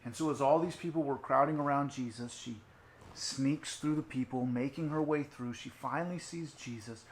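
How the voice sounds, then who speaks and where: A man preaching an online sermon, telling a story expressively, sinking into hushed tones and rising again, with casual asides. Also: mid-range voice, normal speed, echoey room. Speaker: youth pastor.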